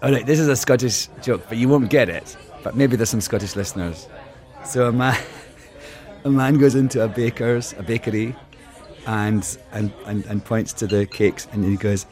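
A man's voice: on the low side, moderate pace, darkish tone, some chatter behind. A man telling short jokes and then explaining the punchline, chuckling along. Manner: laughs at his own joke, explains the punchline. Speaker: guest telling a joke.

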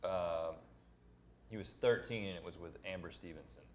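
A man's voice: sits low, normal speed, darkish tone, echoey room, a little hiss or hum. A man who is a podcast guest and chats casually, telling wry, self-mocking stories. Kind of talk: casual chat.

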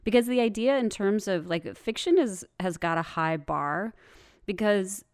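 A woman, co-host of a radio drama podcast, chatting as a guest in a jokey, animated way. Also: medium pitch, clean tone, dry recording, studio quality. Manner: jokey, animated, quick to laugh. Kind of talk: casual interview chat.

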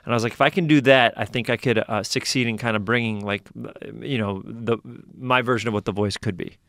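A man, a voice actor telling stories in an animated, fast-talking way during an interview. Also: medium pitch, no echo, clean studio sound. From New York. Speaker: voice actor guest. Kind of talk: casual interview talk.

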